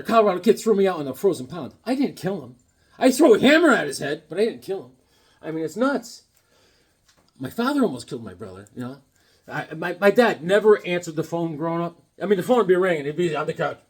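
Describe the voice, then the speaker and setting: A man's voice: on the high side, slightly rough. A man hosting a casual comic book collecting vlog, playful and rambling with goofy jokes.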